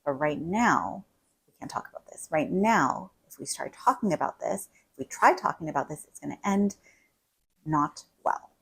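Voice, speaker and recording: A woman's voice: low-pitched, animated, normal speed, creaky, slightly rough, low-quality recording. A woman couples therapist explaining things in a casual, conversational way, often tagging on "right?". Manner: conversational, many "like" and "right?" asides. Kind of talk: casual advice talk to camera.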